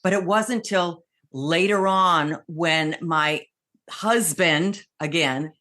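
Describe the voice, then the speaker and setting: A woman's voice: lowish voice, takes it slowly. An older woman, a comedian and impressionist, telling stories animatedly as an interview guest. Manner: lively, animated storyteller who slips into voices. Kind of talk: casual storytelling in an interview.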